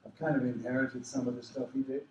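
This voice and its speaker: Casting: older Australian man, animated raconteur, roomy hall, mic set back from him. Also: medium pitch, fast, distant mic, slight background noise. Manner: animated, does voices of people in his stories. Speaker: convention panel guest. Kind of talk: storytelling anecdotes to a live audience. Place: convention hall.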